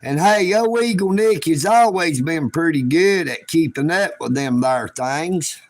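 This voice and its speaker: A man's voice: on the high side, animated, measured pace. A man from chatting on a livestream in a folksy, joking, rambling drawl. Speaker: livestream host. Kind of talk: casual livestream chat.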